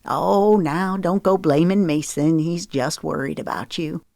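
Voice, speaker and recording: A woman's voice: sits low, measured pace, vocal fry, darkish tone, no room sound. A woman reading the part of a frank, coaxing middle-aged mother in an audiobook, in a dry recording.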